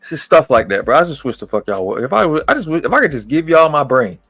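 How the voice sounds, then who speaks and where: A man's voice: a little high, big pitch swings, fast talker, a bit bright, husky, no echo, soft background music. A man hosting a livestream, ranting angrily and mocking his critics with heavy profanity. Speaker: livestream host. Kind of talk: angry ranting monologue.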